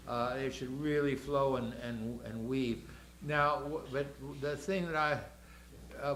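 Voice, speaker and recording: A man's voice: medium pitch, sharp tone, slight background noise. An older man directing a choir rehearsal, explaining the music and counting the singers in. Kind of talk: choral rehearsal instruction. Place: rehearsal room. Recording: echoey rehearsal room.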